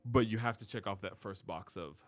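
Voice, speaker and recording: A man's voice: on the low side, a little fast. A man talking casually about music, with restarts, now and then singing a show tune. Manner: breaks into singing show tunes mid-talk. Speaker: musician guest.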